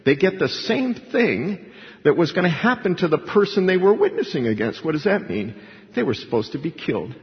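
A male pastor giving an animated sermon and acting out the voices of the people he quotes. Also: on the high side, a little fast. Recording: dull lo-fi recording with hall reverb.

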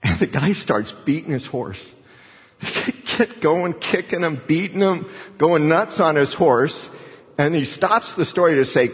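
A man's voice: a little high, lively intonation, unhurried. A man preaching a sermon with passion, telling stories and rising into fervent appeals. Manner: impassioned preaching with storytelling. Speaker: pastor. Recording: muffled sound with long hall reverb.

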